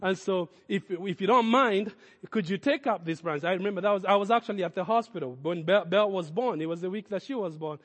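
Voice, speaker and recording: A man's voice: high-pitched, quick pace, in a large hall. A man preaching a sermon as a pastor, speaking in emphatic, repeated declarations.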